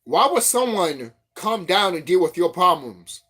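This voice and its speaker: A man vlogging as a spiritual commentator, telling stories in a rambling, profane, animated way. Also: sits high, a little slow, husky. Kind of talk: rambling casual monologue.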